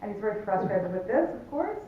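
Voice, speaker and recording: A woman leads a relationship workshop, telling her story in a lively, jokey way. She sounds a little far from the mic, and her voice comes through tinny and phone-like with heavy echo. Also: mid-range voice, fast talker, a little hiss or hum. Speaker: workshop presenter. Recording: distant, echoey, tinny.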